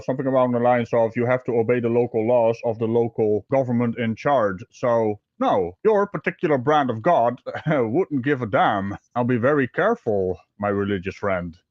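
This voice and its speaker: A man's voice: mid-range voice, a little mellow, dry recording, muffled recording. A man giving casual, sarcastic commentary on a video with co-hosts. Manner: sarcastic, mocking. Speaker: co-host reacting to a video.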